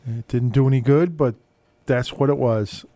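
Male radio DJ, mellow warm voice, dry close sound, halting delivery, lots of "uh" fillers. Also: mid-range voice, no room sound. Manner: halting, many "uh" fillers and restarts. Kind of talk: relaxed radio show patter.

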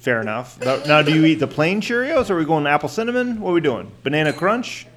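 A man's voice: big pitch swings, quick pace, fairly bright tone. A father hosting a silly family podcast, teasing and joking with his guests and laughing often. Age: adult parent. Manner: goofy, teasing, laughs often, swoops up high in mock surprise. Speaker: podcast host interviewing kids' characters. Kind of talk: playful comedic podcast chat.

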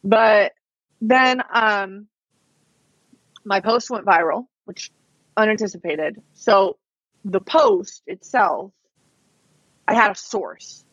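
A woman's voice: mid-range voice, slow, long pauses, a bit bright, no room sound. A woman on a podcast as a guest, telling her story in a casual, chatty way full of "like" and "um". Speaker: podcast guest, online reseller. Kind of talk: casual interview chat. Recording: dull, lo-fi, dry podcast audio.

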